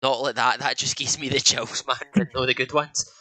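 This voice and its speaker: Brisk and bright with a pushed quality, this young man from Scotland co-hosts a casual podcast, his mid-range voice fairly even in intonation. He rambles, using many fillers and starting sentences over, and the recording is rough.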